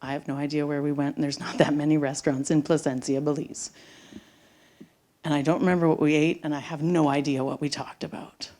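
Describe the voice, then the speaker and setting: A middle-aged woman telling a personal story live on stage to an audience, dramatic and swinging from loud bursts to hushed whispers. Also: deep voice, level tone, fairly quick. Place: theater stage before an audience.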